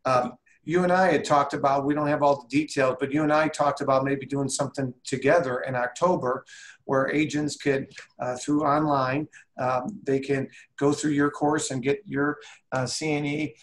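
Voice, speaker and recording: A man's voice: mid-range voice, steady tone, moderate pace. Enthusiastic male interview host. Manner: enthusiastic, many fillers and restarts. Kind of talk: remote interview.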